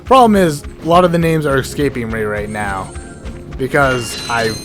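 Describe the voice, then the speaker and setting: A man giving rambling, excitable gameplay commentary as the host of a let's play, often cutting himself off mid-thought and swearing casually. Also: medium pitch, moderate pace. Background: game music and sound effects.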